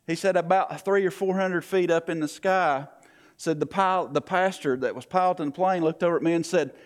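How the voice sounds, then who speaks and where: A man's voice: fairly high pitch, brisk. Folksy man telling a story. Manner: folksy, repeats "he said" and "I went". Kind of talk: storytelling sermon illustration.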